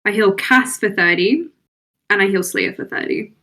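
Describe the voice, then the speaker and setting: A woman's voice: medium pitch, moderate pace, pushed and bright. A woman playing a tabletop game, jokey and laughing between her lines. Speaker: player. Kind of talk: casual tabletop play.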